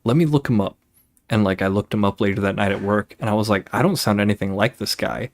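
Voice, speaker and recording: A young man streaming a game, chatting casually and rambling off on tangents, relaxed and swearing freely. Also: on the low side, quick pace. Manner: laid-back, swears casually.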